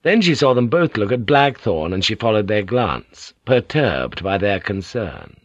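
A man's voice: lowish voice, sing-song, a little slow, no room sound, lo-fi sound. A man reading an audiobook aloud, narrating steadily with dramatic character voices. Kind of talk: scripted narration.

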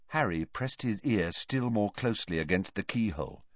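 Male audiobook narrator, very lively pitch, dry dull studio sound. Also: normal speed, dry recording. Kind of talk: scripted narration.

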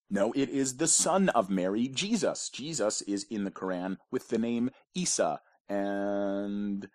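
A man with a lowish voice reads out quiz questions and answers. He keeps it casual and tosses in wry, deadpan jokes between rounds. The sound is dry and close, with no room around it. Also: no room sound. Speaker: pub quiz host. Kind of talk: casual trivia quiz reading.

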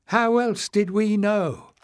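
A man reading an audiobook, voicing an elderly goblin woman who speaks slowly and indignantly. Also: high voice, steady tone, clean tone, pitched above the performer's own voice. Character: old woman goblin elder, proud and fierce.

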